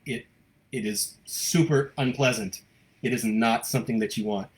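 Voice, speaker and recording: A man with an American accent hosts a live stream from home, greeting viewers and reading their comments out loud. He talks quickly and stays upbeat and gushing, and his voice sits at a middle pitch. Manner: fast-talking, upbeat, gushing. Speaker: host of a local live show.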